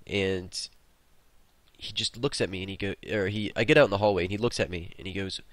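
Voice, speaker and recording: A man with a deep, low voice talks through a gaming session, rambling through a personal story in a loose, casual way and swearing freely. The sound is close and dry, with no room around it. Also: fairly quick, a bit bright, no room sound. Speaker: gaming video host. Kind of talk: casual storytelling over gameplay.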